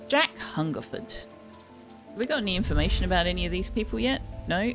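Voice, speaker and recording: Talking over music, a woman with a lowish, animated voice streams a game at a moderate pace. She keeps it chatty, moving back and forth between casual remarks and reading the on-screen game text aloud.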